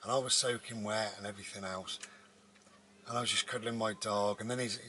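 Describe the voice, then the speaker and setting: A man's voice: fairly low pitch, fairly even intonation, fairly quick, sharp tone, a little hiss or hum, poor audio. A man, a vlogger, telling a personal story in a rambling, casual way with many restarts. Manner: rambling, with frequent restarts and fillers.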